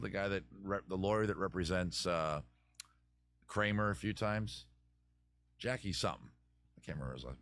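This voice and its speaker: A man's voice: low-pitched, fairly bright tone, no echo. A man hosting a comedy advice show, rambling and digressing in casual self-mocking chat, his voice a bit worn out after weekend shows. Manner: digressive, self-mocking, drops into a put-on Southern lawyer voice. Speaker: comedy podcast host. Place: his home in a city.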